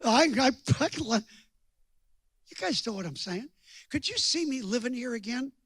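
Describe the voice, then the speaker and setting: An older man preaching a storytelling sermon in a folksy, joking way, swinging from hushed asides to loud bursts. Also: very high voice, expressive, moderate pace, husky, dry recording, studio quality. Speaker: guest preacher.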